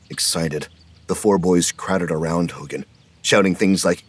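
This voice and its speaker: A man narrating an audiobook in a measured, wry storytelling manner. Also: deep voice, slightly rough, no room sound. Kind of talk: scripted narration.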